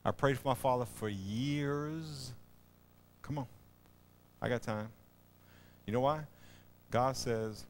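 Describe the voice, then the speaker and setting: A middle-aged man preaches a sermon in a folksy, storytelling way, building to loud emphatic bursts. His voice sits in a middle pitch, and the church recording carries a faint background noise. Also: wildly swooping pitch, measured pace, pauses often. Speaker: pastor. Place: church auditorium.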